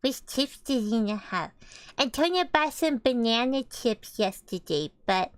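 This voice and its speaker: A woman's voice: fairly high pitch, animated, unhurried, dry recording. A young woman joining a stream, chatting casually in a teasing, playful way. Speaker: streamer's housemate guest. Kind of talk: casual chat.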